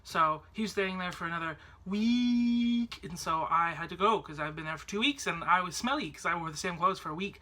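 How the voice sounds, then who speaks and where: A man's voice: high-pitched, a little fast, hardly any pauses, pushed and bright. A man from Canada, chatting to camera about a trip in a rambling way, full of fillers and restarts. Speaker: vlogger. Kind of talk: casual storytelling to camera.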